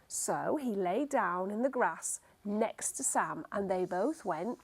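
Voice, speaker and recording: A woman teacher telling a phonics story to young children, slow, animated and encouraging. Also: mid-range voice, slightly rough.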